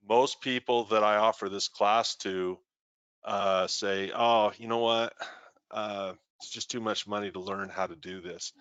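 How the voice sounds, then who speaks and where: A man's voice: on the low side, a bit bright, no echo, lo-fi sound. A man hosting a live trading show, reading out viewer comments and telling stories in a chatty way. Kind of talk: live-streamed trading talk.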